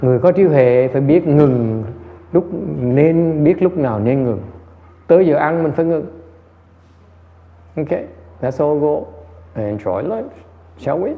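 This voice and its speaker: A man's voice: a little high, expressive, unhurried, pauses often. A man giving a conversational dharma lecture, repeating phrases and answering questions. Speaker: meditation teacher. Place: meditation hall. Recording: muffled hall recording.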